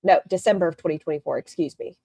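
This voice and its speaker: A woman's voice: deep voice, quick pace, creaky, dark tone, no echo. A woman hosting a live stream, giving blunt, sarcastic reaction commentary and swearing freely.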